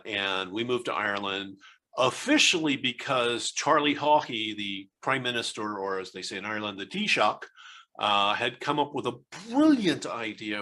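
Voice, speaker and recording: Interview guest: American man, 60s, bright forceful voice, rambling with lots of ums and restarts. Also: on the low side. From United States. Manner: rambling, hesitant storyteller with many fillers and restarts. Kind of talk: casual interview conversation.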